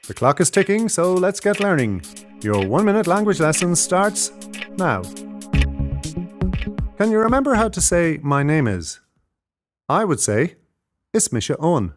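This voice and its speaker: A man hosts a short language lesson with an upbeat, clear teacherly delivery. His voice sits a little high and moves in a lively, animated way. He slows down deliberately whenever he models a phrase for the learner. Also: soft background music. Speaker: Irish teacher.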